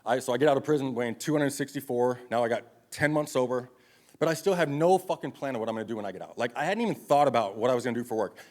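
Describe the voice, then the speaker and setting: A man's voice: mid-range voice, very fast, a little mellow. A man in his thirties giving a live motivational speech to an audience, telling his life story in a blunt, profane, confessional way. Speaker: motivational speaker. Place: event stage before an audience.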